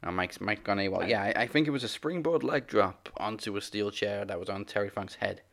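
A man's voice: on the low side, brisk, vocal fry, a bit bright. A man co-hosting a casual wrestling podcast, recapping matches in a plain running rundown. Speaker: podcast co-host.

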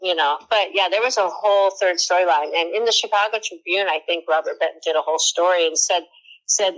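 Actress in her 60s, slightly low voice, animated anecdotes with acted-out quotes. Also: brisk, poor audio. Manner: lively storyteller who acts out quoted lines. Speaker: actress as interview guest. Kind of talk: telling stories in a podcast interview.

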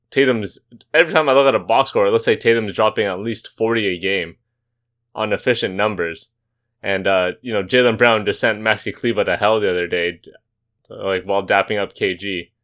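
A man's voice: on the low side, a bit bright. Joking man hosting a sports podcast. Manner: jokey, laughs easily, rapid-fire stats. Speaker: podcast host. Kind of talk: casual sports chat.

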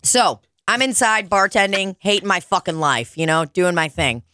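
A woman's voice: normal speed, dry recording, studio quality. A woman hosting a podcast, telling stories in casual chat with lots of swearing and acted-out voices. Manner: profane, animated, acts out customers in high squeaky voices. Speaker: podcast host.

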